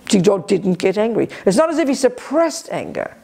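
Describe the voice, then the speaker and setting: Energetic woman giving a dharma talk. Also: mid-range voice, vocal fry. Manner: energetic, sharp, emphatic; quick restarts and self-corrections. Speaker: Buddhist teacher leading a retreat. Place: retreat center.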